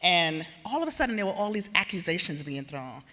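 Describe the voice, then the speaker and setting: A woman giving a speech at a gala, lively and laughing as she coaxes the crowd. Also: on the low side, a little fast. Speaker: award presenter and gala speaker. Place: large event hall with a crowd. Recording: echoey hall with crowd murmur.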